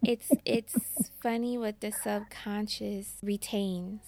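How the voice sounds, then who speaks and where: Slow gravelly-voiced woman host. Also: medium pitch, fairly even intonation, dark tone, no room sound. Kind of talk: casual interview.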